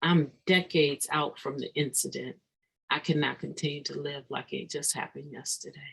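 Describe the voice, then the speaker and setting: The voice is mid-range and steady, creaky with a breathy edge, heard on a low-quality recording. A recovery meeting speaker gives an earnest, reflective daily meditation talk, halting and restarting mid-thought with sudden emphatic bursts.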